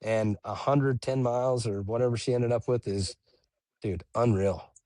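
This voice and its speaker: A young man telling race stories in relaxed casual chat, dropping "dude" and "bro" as he goes. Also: medium pitch, normal speed, dry recording. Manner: laid-back, says "dude" and "bro" a lot. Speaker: podcast guest, ultramarathon runner.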